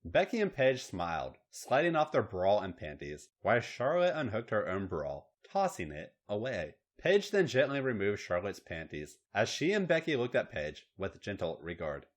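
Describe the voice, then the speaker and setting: A man's voice: lowish voice, huge pitch swings, normal speed, few pauses. A man hosting a podcast, reading a story aloud in a matter-of-fact way. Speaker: podcast host and story reader. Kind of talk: reading erotic fiction aloud.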